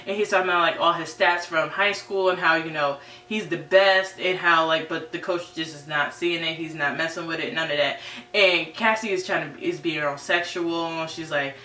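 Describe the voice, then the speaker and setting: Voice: medium pitch, fairly even intonation, moderate pace, sharp tone. A TV series reviewer giving a casual, chatty episode recap, full of "right?" and "you know". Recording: roomy, distant mic, faint hum.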